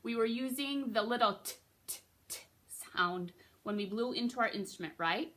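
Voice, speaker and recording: A woman with a bright, clear-toned voice leads a beginner recorder lesson. She talks patiently, guiding step by step and checking in often to keep the class with her. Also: on the high side, a little fast, slight background noise. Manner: patient, encouraging, checks in with frequent okays. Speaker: music teacher.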